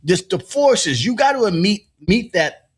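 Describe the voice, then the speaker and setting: A man's voice: high voice, big pitch swings, unhurried, breathy edge. A man co-hosting a casual podcast, ranting with profanity and laughter. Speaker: co-host.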